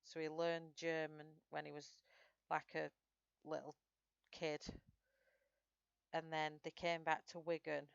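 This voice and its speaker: A woman's voice: low voice, level tone, slow, gravelly, long pauses, smooth, dry recording, dull audio. A woman with a Northern English accent, chatting through a live colouring tutorial and answering viewers' comments as she works. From Northern England. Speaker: streamer.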